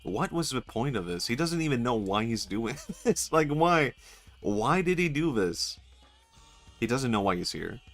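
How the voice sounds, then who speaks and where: A man's voice: medium pitch, sing-song, unhurried, soft background music. A young man streaming a video game, rambling and joking, often swearing and laughing at his own bits. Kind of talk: casual gameplay commentary.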